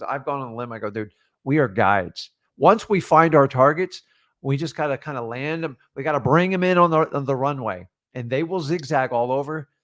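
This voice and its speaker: A man's voice: mid-range voice, no echo, studio quality. A man co-hosting a real estate training, speaking in an emphatic, motivational style with short punchy lines and rhetorical questions. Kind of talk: motivational coaching talk.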